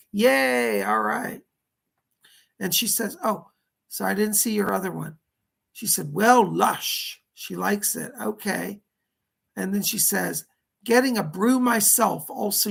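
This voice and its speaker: Hosting a psychic astrology livestream from his keyboard and computer setup, this man casually reads out viewer comments and responds to each. His voice sits high, fairly bright and husky, with vocal fry.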